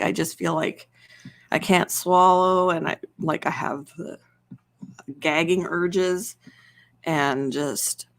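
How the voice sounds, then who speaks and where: A woman hosting an ASMR live stream, chatting casually and rambling, laughing often into a close microphone. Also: fairly low pitch.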